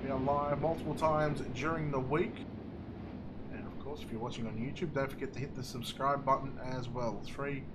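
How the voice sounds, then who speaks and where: A man calling a live speedway race as play-by-play commentator, getting excited with the action. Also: medium pitch, moderate pace, heavy background noise.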